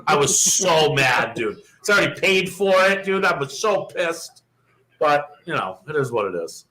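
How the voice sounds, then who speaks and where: A young man in his twenties or so, chatting casually on a podcast with a fairly high, very bright voice. He tells stories in a profane, lively way and slips into the voices of the people he quotes. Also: moderate pace, poor audio. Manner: profane, animated storyteller who acts out quoted dialogue. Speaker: podcast co-host. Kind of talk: casual storytelling chat.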